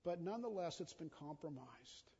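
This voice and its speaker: A middle-aged man preaching a sermon in an earnest, conversational way, often repeating himself as he speaks, swinging from urgent and loud to quiet and intimate. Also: on the high side, animated, moderate pace, slightly rough. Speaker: pastor. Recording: dull sound with long hall reverb.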